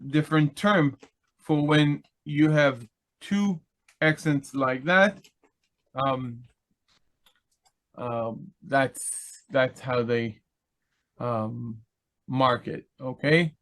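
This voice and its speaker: A man teaching biblical Hebrew in an online lesson, explaining slowly with many pauses and fillers. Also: medium pitch, steady tone, a bit bright. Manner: chants Hebrew text quickly.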